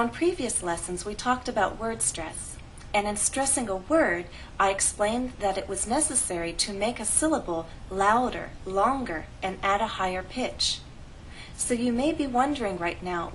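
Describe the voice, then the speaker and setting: A woman teaching an English pronunciation lesson, speaking clearly and deliberately. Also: mid-range voice, fairly bright tone, a little hiss or hum, poor audio. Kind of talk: scripted lesson narration.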